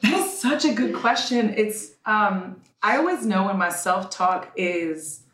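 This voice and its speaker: A woman on a podcast as a guest, telling candid stories in an animated way, acting out the dialogue she quotes and laughing often. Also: mid-range voice, takes it slowly, background noise. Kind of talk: candid conversational storytelling. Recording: roomy room, distant mic.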